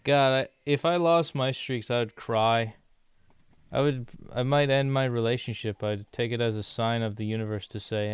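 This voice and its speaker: A man's voice: medium pitch, moderate pace, clear, resonant tone, no echo. A young man from the United States chatting casually in a rambling way, laughing often while he works through language lessons. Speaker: vlogger learning a language. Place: living in Brazil.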